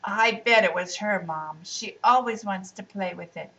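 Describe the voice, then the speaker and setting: A woman's voice: mid-range voice, measured pace, vocal fry, bright, forceful tone, recorded from a distance. A woman reading aloud, voicing a coaxing, reasonable older sister. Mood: persuasive. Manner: persuasive, coaxing.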